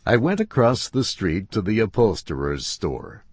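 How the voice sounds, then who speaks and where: A man reading a first-person story aloud in a slow, deliberate way. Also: lowish voice, sing-song, slightly rough, no room sound.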